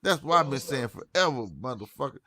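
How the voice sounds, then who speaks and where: A man's voice: mid-range voice, expressive, a little fast, a crowd in the background. A man in his forties telling blunt, profane stories in casual podcast chat.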